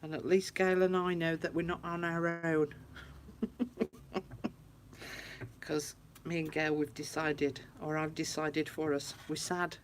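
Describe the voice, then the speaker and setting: A woman's voice: deep voice, flat delivery, takes it slowly, pauses often, a little hiss or hum. A woman chatting casually to viewers on a craft livestream from her room at home. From United Kingdom. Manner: chatty, talks to viewers, frequent laughs.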